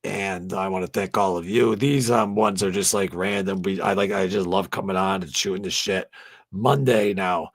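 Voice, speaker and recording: A man's voice: low-pitched, fairly even intonation, moderate pace, no echo. A man hosting a fan channel in a casual late-night live stream chat, rambling along and swearing freely. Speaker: host of a fan tribute channel.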